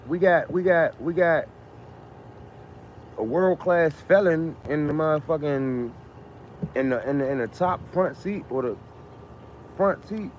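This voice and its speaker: A man ranting casually on a live stream, repeating himself, firing off rhetorical questions and swearing freely. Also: fairly high pitch. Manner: emphatic, repetitive, rhetorical questions, profane. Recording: muffled lo-fi sound with faint noise.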